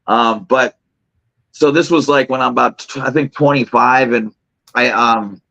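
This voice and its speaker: A man's voice: mid-range voice, measured pace, gravelly, fairly bright tone. A middle-aged man co-hosting a casual chat, telling a story with many restarts, fillers and laughs. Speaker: co-host. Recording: dull lo-fi remote audio.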